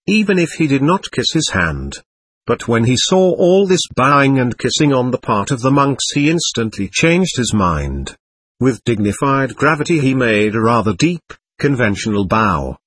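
A man narrating a novel in a measured, expressive reading. His voice is a little husky, and his pitch moves in lively swings. The recording is dry, with no room sound. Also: no room sound. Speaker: audiobook narrator. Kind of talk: scripted narration.

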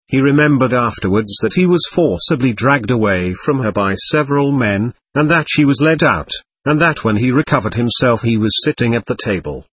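A man narrating a classic novel as an audiobook reader, in an expressive, measured way. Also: mid-range voice, breathy edge, no echo.

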